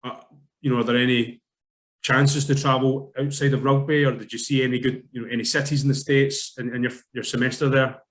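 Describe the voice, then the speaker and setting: A man's voice: mid-range voice, flat delivery, a little fast. A man interviewing a student player, asking friendly, encouraging questions. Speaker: interviewer, program founder. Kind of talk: casual interview.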